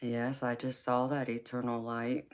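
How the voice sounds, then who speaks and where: A woman's voice: rumbling low, little pitch movement, a little slow. A woman with a Southern US accent chatting casually with viewers as a tarot livestream host, laughing often and calling people baby. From Los Angeles, USA. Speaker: tarot reader hosting a live chat.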